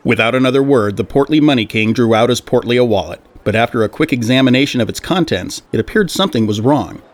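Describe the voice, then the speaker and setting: Male storyteller, mid-pitched, even audiobook narration. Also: quick pace.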